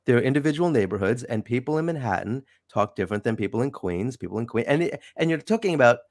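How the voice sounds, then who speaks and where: Chatty New York host, dry sound. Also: male voice, medium pitch, quick pace, dry recording. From New York City. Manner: chatty, wry, animated sign-offs. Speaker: show host. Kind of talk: casual interview chat.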